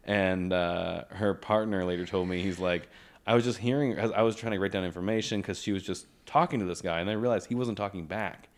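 A man's voice: deep voice, steady tone, a little fast, few pauses. A young man co-hosting a podcast in casual chat, who laughs often and acts out quoted voices. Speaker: podcast co-host.

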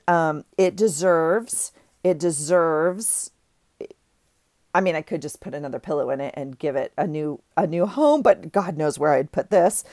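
A deep, slightly mellow female voice belongs to a middle-aged craft vlogger gushing over her finds. The haul chat is casual and rambling, with frequent breaks mid-sentence, recorded in studio quality without room sound.

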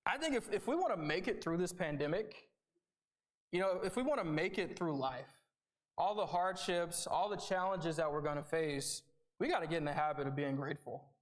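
A young male preacher with a somewhat high voice speaks at a moderate pace. His sermon is conversational, earnest and informal, full of repeated starts and frequent "right?" check-ins with listeners.

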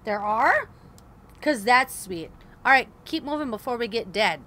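A young woman hosting a gaming video comments on her play, swearing in frustration as she talks to herself and her viewers. Her voice is fairly high with a sharp tone.

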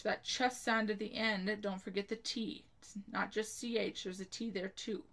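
A woman slowly teaching a spelling lesson to children, spelling each word letter by letter in a careful manner and giving an example sentence. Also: mid-range voice, level tone, fairly bright tone.

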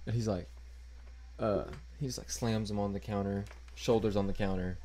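A man's voice: fairly low pitch, fairly even intonation, moderate pace, mellow, a little hiss or hum. A man co-hosting a podcast, telling a rambling work story in a laid-back, casual way. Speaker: podcast co-host. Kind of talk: casual chat.

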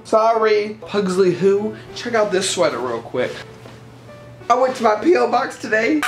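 An art vlogger chatting casually to camera at home, excitable and gushing. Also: mid-range voice. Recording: roomy echo with faint music.

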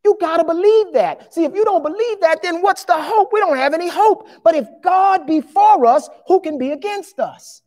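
A pastor in their fifties, preaching a sermon in an emphatic, conversational way with quick asides to the congregation. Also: very high-pitched, darkish tone. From Louisiana, USA. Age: 50s.

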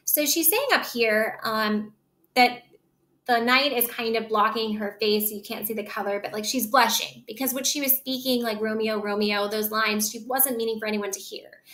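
A woman's voice: on the high side, moderate pace, a bit bright. A woman teaching, explaining a play line by line in a casual way, full of "like" and "um". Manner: casual, fills with "like" and "um".

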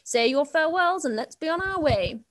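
A woman voicing a proud, cheerful queen with a brisk, teasing manner while reading a storybook aloud. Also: high-pitched, animated, fairly bright tone, voice pushed up.

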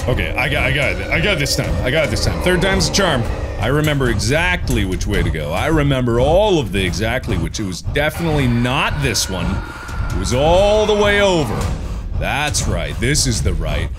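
Excitable man yelping through horror games. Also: mid-range voice, moderate pace, over music. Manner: excitable, yelping, self-mocking. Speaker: gaming video host. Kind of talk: let's play commentary.

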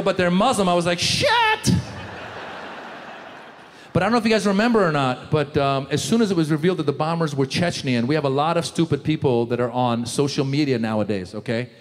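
Brief: male comic on stage, lively bits with shouted voices, high voice, live hall sound with faint noise. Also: fast, few pauses. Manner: animated, switches into loud shouted character voices. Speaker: stand-up comedian. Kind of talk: stand-up comedy set.

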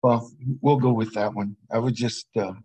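A man's voice: on the low side, steady tone, normal speed, dark tone, breathy edge, low-quality recording. A man guest on a martial arts chat, telling a story in a laid-back way with laughs between lines. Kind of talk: casual chat.

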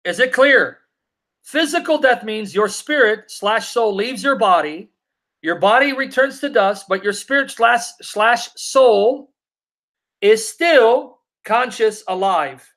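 A man's voice: high voice, lively intonation, a bit bright. A man teaching the Bible on a live Q&A stream, reading scripture aloud and answering viewer comments, emphatic and repeating his questions to drive each point home. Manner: reads scripture aloud in a slow, deliberate cadence.

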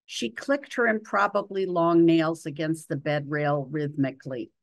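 A woman in her sixties reads her own story aloud, measured and literary. Her voice sits low and moves slowly and deliberately. The sound is dry and close. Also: no room sound. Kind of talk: reading a personal story aloud.

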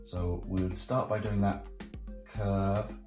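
A man's voice: low voice, flat delivery, takes it slowly, darkish tone. A man hosting a children's art club, explaining each drawing step in a chatty, playful, jokey way. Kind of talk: drawing tutorial for kids. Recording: roomy sound with faint music.

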